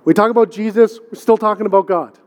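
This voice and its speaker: A middle-aged pastor with a high-sitting voice and a quick pace delivers a conversational sermon. He uses rhetorical questions and repeats words for emphasis. The recording, made in a church sanctuary, carries a long hall reverb.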